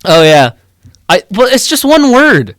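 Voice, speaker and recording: A man's voice: very high-pitched, very animated, measured pace, fairly bright tone, no echo. A young man co-hosting a comedy podcast, reading a badly written fan story aloud, stumbling over its misspellings and breaking into banter.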